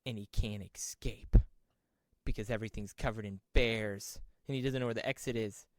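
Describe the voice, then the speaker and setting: A man co-hosting a podcast who rambles excitedly and uses lots of filler words while improvising a story. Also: fairly low pitch, normal speed, no room sound, studio quality. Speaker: podcast co-host.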